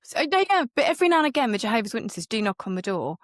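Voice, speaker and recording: Woman, podcast co-host, lively storyteller, casual chat, dry close sound. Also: fairly high pitch, rapid-fire, dry recording. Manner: lively storyteller, laughs often, acts out quotes.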